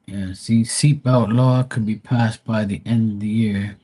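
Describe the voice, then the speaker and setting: A man's voice: lowish voice, steady tone, normal speed, darkish tone, slightly rough. A man, chatting casually on a live stream and ranting bluntly with plenty of cursing. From Bermuda. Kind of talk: casual chat.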